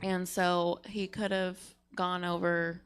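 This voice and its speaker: A woman's voice: fairly low pitch, little pitch movement, unhurried, clean tone. A woman riffing in a live comedy panel, chatty, self-assured and rambling.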